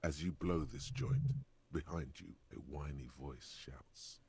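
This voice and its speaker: A man giving scripted, measured narration for a detective game. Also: fairly even intonation, a little mellow, heavily acted. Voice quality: gravelly, very deep.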